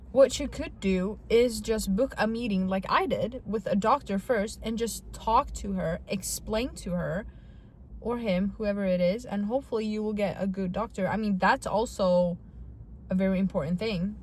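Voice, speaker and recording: A woman's voice: medium pitch, measured pace, darkish tone, a little hiss or hum. A young woman vlogging to camera in casual talk, chatty and dramatic, with self-mocking asides.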